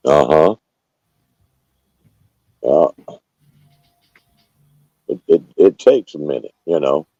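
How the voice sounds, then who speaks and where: A man with an extremely low, gravelly voice drawls through casual banter. His tone is dark and mellow, and the recording is dry and muffled. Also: expressive, slow, no room sound. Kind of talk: casual chat.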